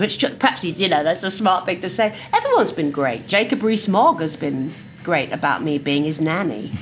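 Talking fairly quickly with few pauses, a lowish-voiced woman being interviewed over a restaurant lunch spins lively stories and drops into impressions. A little hiss or hum can be heard in the audio.

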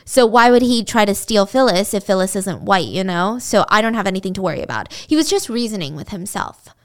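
A woman's voice: mid-range voice, expressive, brisk. A woman casually retelling a true-crime story, chatty and blunt, swearing freely and filling her speech with "like.".

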